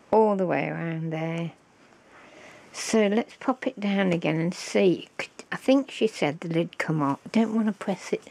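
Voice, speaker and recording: A woman, slow and fond, showing off a handmade craft gift on her vlog and gasping with delight. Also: lowish voice, creaky, a little mellow. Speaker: crafting vlogger. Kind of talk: casual show-and-tell of a craft gift.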